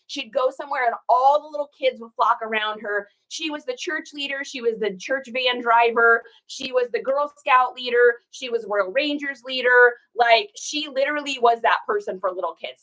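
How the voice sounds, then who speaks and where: A woman chats through a casual live stream as she packs and ships orders. She tells stories and reads viewer comments aloud in a folksy way, saying y'all. Her voice sits a little high and sounds bright and forceful. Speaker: reseller hosting a live shipping stream.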